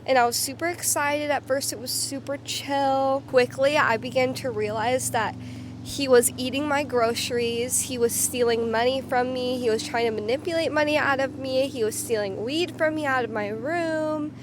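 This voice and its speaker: Young woman, fairly high voice, casual candid storytelling, lots of "like", quick bursts. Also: noisy background. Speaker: vlogger. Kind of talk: personal storytelling to camera.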